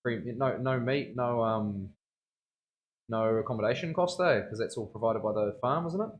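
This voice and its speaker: A man's voice: medium pitch, normal speed, muffled recording. Nz guy chatting on his tattoo stream, lots of bro and cuzzy, rambly, laughs a lot. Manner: slangy, rambling, laughs often. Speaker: tattoo artist livestreaming. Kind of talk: casual chat.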